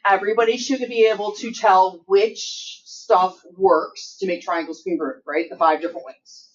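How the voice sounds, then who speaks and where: This high school math teacher speaks at a normal speed with a medium pitch and a steady tone. Chatting with her class, she tosses in self-mocking jokes and keeps asking "right?" or "okay?" to check on students. It's captured from a distance in a classroom, sounding dull with a little background noise.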